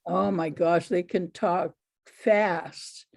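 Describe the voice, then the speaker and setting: A woman storyteller talks slowly and easily, answering questions from an audience. Her voice has a mellow, darker tone. She is heard through a video call. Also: on the low side, fairly even intonation, gravelly.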